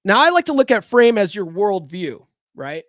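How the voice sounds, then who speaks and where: He speaks at normal speed in a high, slightly bright voice with big swings in pitch, recorded cleanly in a studio with no echo. Hosting alone, he discusses dating and self-improvement casually, bluntly and with profanity. Rhetorical questions and frequent "right?" checks put his listeners on the spot.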